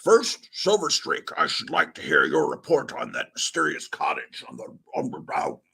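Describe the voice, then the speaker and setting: A man voicing a grave, elderly British prime minister in a read-aloud comic, in a slow, ceremonious manner. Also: on the high side, huge pitch swings, vocal fry, pushed and bright, slightly rough, full character voice. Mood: stately.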